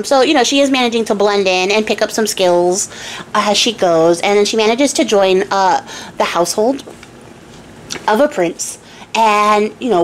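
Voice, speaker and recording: A woman's voice: mid-range voice, slight background noise, rough recording. A young woman host casually retelling a fairy tale with jokey asides and lots of fillers, on a close home mic. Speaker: storyteller and craft channel host.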